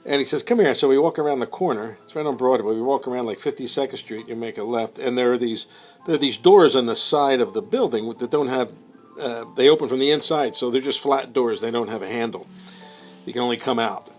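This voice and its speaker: A man telling a rambling story in a casual, unhurried way, full of ums and uhs. His pitch sits in an ordinary middle range. Faint music plays behind him. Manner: rambling, with many fillers and quoted voices.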